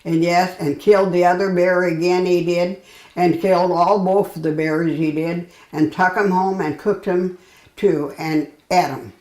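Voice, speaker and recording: A woman reading a folksy children's bedtime story aloud, pausing and correcting herself as she goes. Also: on the low side, steady tone, a little mellow, roomy sound, rough recording. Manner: halting, self-correcting storytelling.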